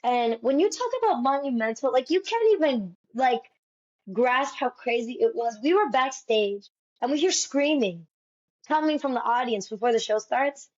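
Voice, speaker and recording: A Broadway actress telling stories in a casual interview, animated and peppering her talk with "like". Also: sits high, normal speed. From United States. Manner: animated, fills speech with "like". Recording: dull lo-fi sound.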